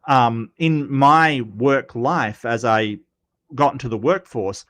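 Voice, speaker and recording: A man's voice: medium pitch, slow, fairly bright tone. An Australian man hosting a live stream, chatting casually and answering comments with lots of fillers and restarts. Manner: rambling, many fillers and restarts, playful. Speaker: livestream host.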